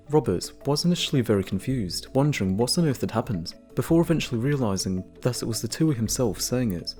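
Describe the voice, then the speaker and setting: A man reading a scripted educational narration in a measured, informative manner. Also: mid-range voice, dark tone. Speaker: narrator of a nature video. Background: faint background music.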